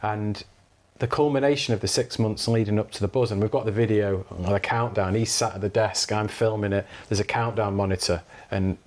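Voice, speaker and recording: Guy guesting on a podcast, lowish voice, earnest, trips over his words a bit. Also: steady tone. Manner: earnest, halting restarts. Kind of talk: reflective interview answers.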